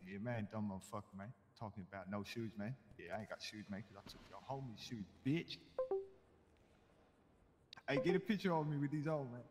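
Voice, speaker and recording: A man's voice: lowish voice, brisk, background noise. A man role-playing in a game, talking street slang and ending nearly every sentence with "man". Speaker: role-play player. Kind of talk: in-character game role-play.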